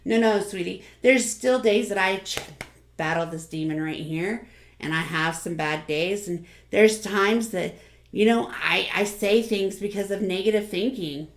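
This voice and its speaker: A woman's voice: mid-range voice, measured pace, echoey room. A woman YouTuber giving an earnest, encouraging motivational talk to the camera, often repeating phrases.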